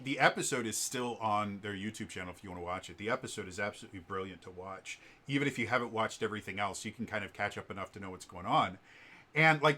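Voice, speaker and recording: Bright-voiced man rambling through a story. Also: on the low side. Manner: animated, rambling retelling with many fillers. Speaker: vlogger. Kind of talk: casual storytelling vlog.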